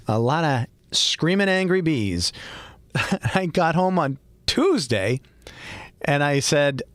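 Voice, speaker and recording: A man's voice: on the high side, no echo. A middle-aged man with a Boston accent, hosting a podcast and telling a personal story in a chatty, laughing way. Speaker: podcast host. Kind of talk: casual podcast monologue.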